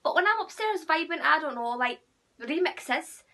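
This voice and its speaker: A young woman chatting casually to camera as a vlogger, playful and a little croaky, sometimes dropping to a near whisper. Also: high voice, lively intonation, moderate pace, bright, forceful tone. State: slightly croaky.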